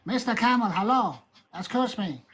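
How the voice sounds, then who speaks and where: A woman's voice: on the high side, expressive, moderate pace, breathy edge. A woman, a guest in a casual live-stream chat, teasing and playful.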